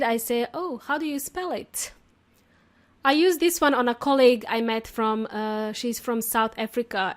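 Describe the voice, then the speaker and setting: A woman hosting a casual English lesson podcast, chatty and talkative, laughing often as she explains. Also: fairly high pitch. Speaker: podcast host and English teacher. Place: lives in Australia.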